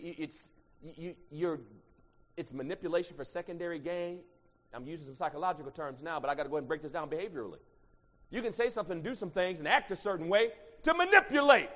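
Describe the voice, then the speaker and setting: A male pastor preaching a sermon, swinging from quiet asides to loud shouted lines. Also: sits high. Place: church sanctuary. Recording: long church reverb.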